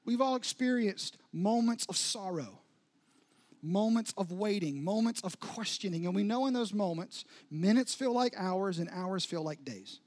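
A man with a high voice preaching a sermon. He tells the story dramatically, dropping to near-whispers and then building up again. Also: animated, normal speed. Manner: dramatic storytelling with sudden soft drops and rising intensity. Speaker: pastor.

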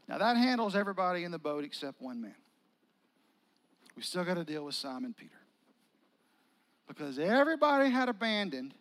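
A man's voice: high voice, fairly bright tone, rough recording. A male pastor preaching a sermon as casual, vivid storytelling.

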